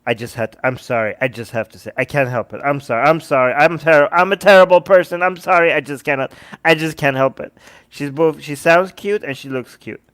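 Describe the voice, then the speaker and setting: Man, livestream host, casual commentary, sarcastic, animated, slightly high voice. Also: a little fast. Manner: animated, sarcastic, talks to chat.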